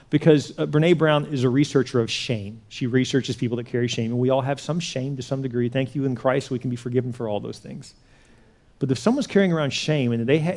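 In a mid-range voice, a male pastor gives a sermon, keeping it conversational and repeating words. He alternates between quiet asides and animated retellings.

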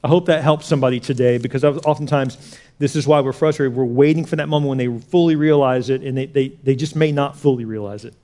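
A man preaching a sermon as pastor, talking conversationally and repeating words as he goes from quiet asides to animated retellings. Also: medium pitch, fast.

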